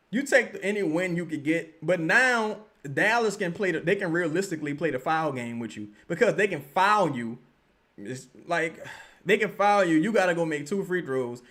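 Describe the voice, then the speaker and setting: A man hosting a live watch-along stream, giving excitable, slangy commentary and yelling at his team. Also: fairly high pitch. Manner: excitable, yells at the team, slangy trash talk. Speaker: livestream host.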